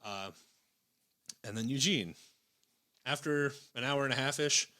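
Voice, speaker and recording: A man narrating a tabletop war role-play as game master, describing scenes in a measured way with frequent fillers. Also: mid-range voice, sharp tone.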